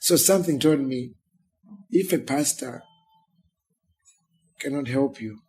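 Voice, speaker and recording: Husky Ugandan pastor telling his story. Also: mid-range voice, takes it slowly. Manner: animated storyteller who acts out the people in his story. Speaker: pastor, interview guest. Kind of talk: emotional storytelling in a sit-down interview.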